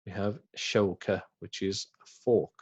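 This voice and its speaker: Low-voiced patient male Arabic teacher. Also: steady tone, a little mellow, breathy edge, lo-fi sound. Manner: slow and patient, repeats words and translates them. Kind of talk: recorded language lesson.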